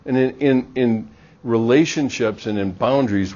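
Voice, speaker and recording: Man, middle-aged, university lecturer; animated, plays out dialogues; lo-fi classroom recording. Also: medium pitch, moderate pace. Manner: animated, acts out little dialogues.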